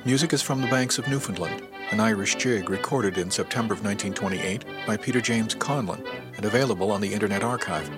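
A man reading a serialized audiobook podcast, narrating in the first person in a calm, measured way. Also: fairly low pitch. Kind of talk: scripted narration.

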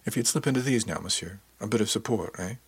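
A man voicing a refined male tailor who speaks politely and softly, coaxing his client. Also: lowish voice, fast, breathy edge, no room sound. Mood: suave. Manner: polite, soft-spoken, coaxing. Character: suave male tailor, refined and gently probing.

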